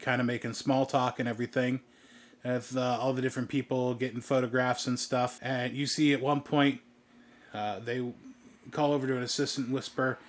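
A man narrating a tabletop game as game master in loose, casual speech. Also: mid-range voice. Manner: loose, filler-heavy narration.

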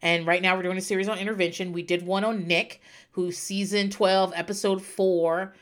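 A woman in her thirties hosts her own podcast and tells a long personal story straight to her listeners. She talks in a loose, rambling way, full of fillers, asides and self-corrections, and her pitch sits in an ordinary middle range. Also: steady tone, moderate pace, fairly bright tone. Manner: chatty, tearful-then-laughing storyteller with frequent fillers. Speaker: podcast host.

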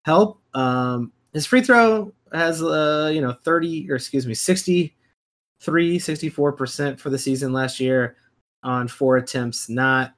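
A man's voice: fairly high pitch, measured pace, a bit bright. A man co-hosting a fantasy basketball podcast, talking casually and emphatically, repeating his points with plenty of fillers. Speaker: podcast co-host.

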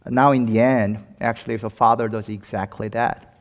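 A man's voice: fairly low pitch, fairly even intonation, normal speed. Impassioned male pastor in echoing hall. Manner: impassioned, rising to emphatic peaks. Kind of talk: sermon. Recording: long hall reverb.

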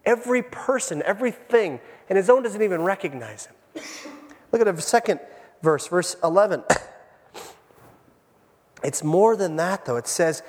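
High-voiced man preaching in an echoing church. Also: expressive, normal speed, pauses often. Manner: storytelling, dramatic shifts between hushed and raised. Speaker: pastor. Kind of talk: sermon. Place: church sanctuary. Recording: long church reverb.

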